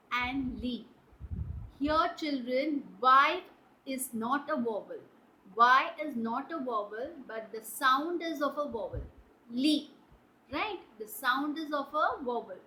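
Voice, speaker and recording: A woman teaching an English grammar lesson to children, explaining step by step and checking "right?" and "clear?". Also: high voice, pushed and bright, slight background noise, poor audio.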